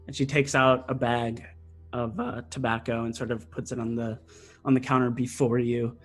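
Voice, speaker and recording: A man's voice: mid-range voice, level tone, normal speed, faint music behind. A man narrating as game master of a tabletop game, rambling and hesitant, full of fillers.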